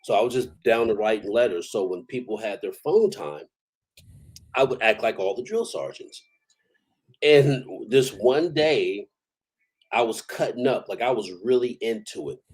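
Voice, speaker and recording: A man's voice: lowish voice, lively intonation, normal speed, darkish tone, breathy edge, low-quality recording. A man, an army veteran, telling stories in a casual, profane, rambling way and chuckling now and then. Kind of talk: casual storytelling.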